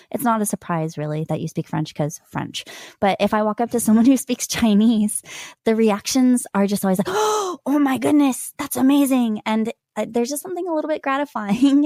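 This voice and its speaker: A woman in her thirties telling stories in an interview, animated and laughing often as she acts out what people said. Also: mid-range voice, dry recording, studio quality. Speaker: podcast guest, language learner. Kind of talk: conversational interview storytelling.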